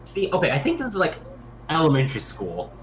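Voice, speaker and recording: A man's voice: a little high, huge pitch swings, a crowd in the background, low-quality recording. Wry male stream co-host. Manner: wry, quick side remarks. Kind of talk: casual gameplay commentary.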